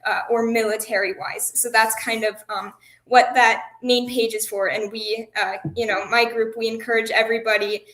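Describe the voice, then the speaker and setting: A woman guest speaking earnestly about her group's campaign, filling her pauses with "um". Her voice is fairly high. The room around her rings with echo. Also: flat delivery, a bit bright. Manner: earnest, many "um" fillers. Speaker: guest advocate. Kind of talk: explaining an advocacy campaign.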